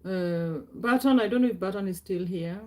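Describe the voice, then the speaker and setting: A middle-aged woman runs a casual live stream, chatting loosely, calling out viewers by name, laughing a lot, and frequently clearing her throat. Her voice is medium in pitch and dark in tone, at a normal speed.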